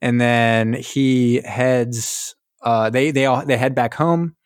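A man co-hosting a podcast retells a war film slowly, his medium-pitched voice clear and resonant. In casual chat he acts out lines from the characters, cursing and laughing as he animatedly tells the story. Dry, studio-quality recording.

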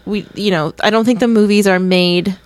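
A woman's voice: medium pitch, fairly even intonation, moderate pace, a little mellow, dry recording. A young woman co-hosting a casual podcast chat, giggly and teasing. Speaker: podcast co-host.

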